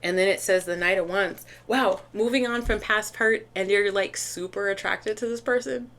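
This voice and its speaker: A woman gives a casual tarot reading straight to her audience, chatty and easily excited. She often restarts her sentences and fills gaps with "um" and "like." Her voice sits mid-range for a woman, and faint background noise runs under the recording. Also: medium pitch, moderate pace. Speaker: tarot reader.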